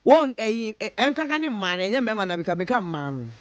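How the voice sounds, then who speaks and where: A woman's voice: medium pitch, very animated, moderate pace, lo-fi sound, over loud music. A woman radio host with a Ghanaian accent, chatting casually and playfully mimicking her friends' voices. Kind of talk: casual radio talk mixing English and Twi. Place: radio studio.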